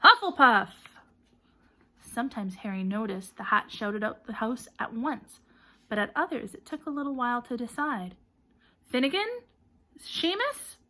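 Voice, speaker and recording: A woman narrating a storybook audiobook, reading in a lively way and putting energy into names and shouts. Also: medium pitch.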